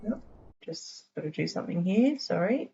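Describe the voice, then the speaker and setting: Woman, Australian accent, middle-aged, low-pitched, chatty, scattered, giggly. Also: animated, normal speed, vocal fry, mellow, lo-fi sound, slight background noise. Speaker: streamer. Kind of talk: casual live game-stream chat.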